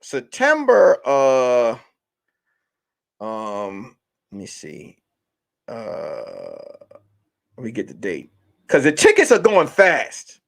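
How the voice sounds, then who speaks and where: A man, a comedian, chatting casually to his viewers in a loose, animated way, slipping into song and mock voices. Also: mid-range voice, very slow, vocal fry, long pauses. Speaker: comedian and vlogger. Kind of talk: casual vlog chat.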